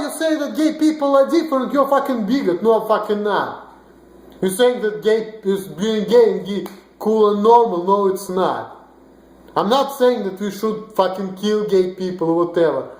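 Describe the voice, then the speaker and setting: A young man in his twenties from Russia with a Russian accent, ranting bluntly and profanely in a rambling vlog monologue with many restarts. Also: high voice. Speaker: vlogger. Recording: roomy echo.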